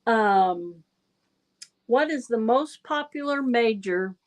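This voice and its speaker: Woman running a trivia stream, talks real slow, chatty and relaxed. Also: fairly high pitch. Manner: slow, chatty, reading questions aloud. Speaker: livestream host. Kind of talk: casual trivia chat.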